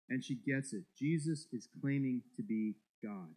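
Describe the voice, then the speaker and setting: A man's voice: medium pitch, moderate pace, hardly any pauses, a little mellow, poor audio. A male pastor preaching a sermon, emphatic and repeating words as he builds each point.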